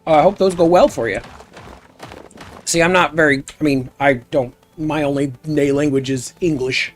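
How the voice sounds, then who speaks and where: Male streamer, pitched a bit high, loose rambling chat with viewers over faint music. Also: normal speed. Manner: rambling, goofy, chats with viewers while playing. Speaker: live streamer. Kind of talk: casual gameplay stream chat.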